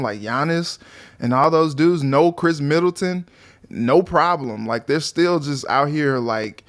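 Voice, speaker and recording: A man co-hosting a sports talk show, chatting casually and animatedly. He often slips into playful quoted voices for players. His voice sits a bit high for a man. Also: expressive, measured pace. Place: sports office studio.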